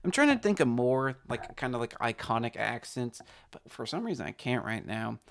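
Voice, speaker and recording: A man's voice: mid-range voice, big pitch swings, moderate pace, creaky, a bit bright, slight background noise. A young man talking casually and hesitantly about his impressions, rambling with lots of fillers. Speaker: amateur impressionist. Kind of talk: casual vlog monologue.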